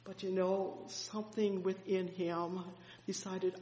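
A preacher telling a Bible story in a sermon, fervent, swelling loud and dropping soft, with frequent exclamations. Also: mid-range voice, fairly even intonation, takes it slowly. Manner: fervent storytelling with sudden swells and drops in loudness. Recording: echoey hall reverb.

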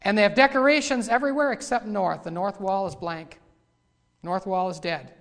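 A man preaching a sermon. He builds from quiet asides to loud, fervent cries when he reads scripture. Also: high-pitched, fairly even intonation, normal speed. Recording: long hall reverb.

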